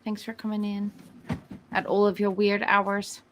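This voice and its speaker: A woman's voice: mid-range voice, monotone, a little slow, fairly bright tone, slight background noise. A woman chatting bluntly and casually to her live-stream audience, swearing offhandedly. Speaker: streamer addressing her chat.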